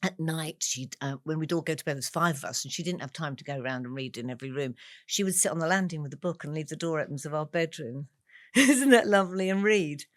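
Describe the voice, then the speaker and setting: A woman in her sixties from England, a guest talking over memories, with an animated storytelling manner and frequent laughs. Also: sits low, fast talker, no echo, studio quality. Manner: warm storyteller, laughs often, animated asides. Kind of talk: reflective conversation.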